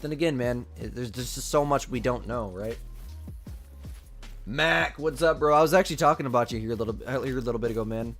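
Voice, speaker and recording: A man's voice: mid-range voice, brisk, a bit bright, faint music behind. Casual male game streamer, coughing. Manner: casual, reads and answers chat aloud. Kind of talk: live gameplay commentary.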